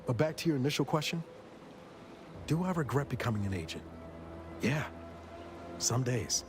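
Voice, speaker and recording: A man's voice: mid-range voice, animated, normal speed, lightly acted. A man playing a weary male space agent, speaking in a dry, wry, reflective way in game dialogue. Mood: wistful. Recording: game audio with music behind.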